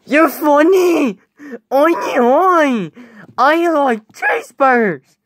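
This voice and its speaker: Goofy male superhero parody voiced by a man; gruff, dim, bouncy dry-mic comedy skit. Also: very high-pitched, animated, extremely slow, a bit bright, dry recording, voice pushed up, full character voice. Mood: silly.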